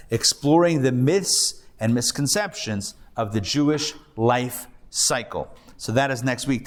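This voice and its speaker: Rabbi teaching a lively class. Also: male voice, mid-range voice. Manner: animated storytelling with rhetorical questions. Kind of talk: live class lecture. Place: classroom before a live audience.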